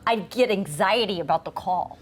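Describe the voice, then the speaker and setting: A woman co-hosting a morning talk show, chatting in an animated, easily laughing way. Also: medium pitch, normal speed. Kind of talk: casual chat.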